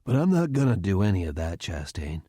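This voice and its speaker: A man's voice: very animated, mellow, no room sound, studio quality. A man voicing a menacing furious general. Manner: low, threatening, deliberate. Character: furious retired male general, cold and menacing.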